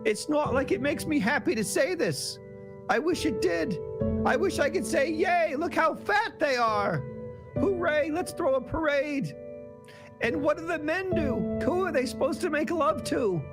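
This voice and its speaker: A man's voice: extremely high pitch, lively intonation, unhurried, exaggerated voice. A man playing a fretful, mock-earnest Canadian male pundit in a comic impression, ranting and apologizing. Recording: clip with loud music behind.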